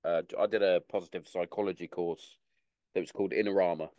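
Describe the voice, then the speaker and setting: Male podcast host, low voice, dry close sound, casual, stammery. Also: steady tone, brisk, dark tone, no room sound. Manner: casual, stammers and repeats words.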